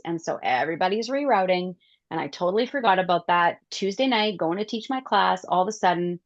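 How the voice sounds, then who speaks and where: A woman wellness coach leading a class, telling stories and acting out her own reactions in a lively way. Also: lowish voice, no room sound, dull audio.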